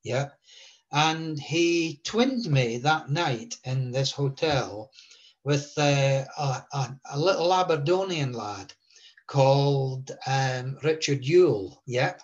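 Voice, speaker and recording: An older man from Scotland tells old stories in an interview, rambling and restarting as he goes. His voice sits at a middling pitch. The sound comes through dull and lo-fi, like a video call. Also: takes it slowly. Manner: rambling, many fillers and restarts. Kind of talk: recalling anecdotes in an interview.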